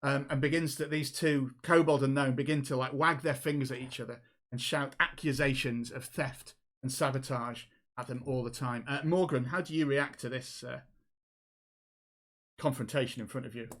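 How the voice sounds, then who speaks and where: A man's voice: mid-range voice, steady tone, normal speed, fairly bright tone. A man running a tabletop game as game master, narrating with hesitant restarts. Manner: hesitant, many fillers and restarts.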